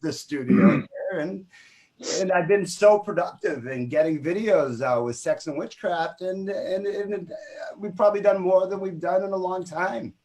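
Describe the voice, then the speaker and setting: A man's voice: high voice, normal speed, a little mellow. A man from Boston with a Boston accent, hosting a casual video chat and talking in an enthusiastic, rambling way. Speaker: podcast host.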